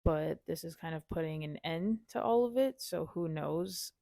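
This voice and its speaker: A woman's voice: deep voice, normal speed, creaky, dark tone, no room sound, clean studio sound. A young woman co-hosting a podcast, talking frankly and reflectively in casual chat. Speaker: podcast co-host.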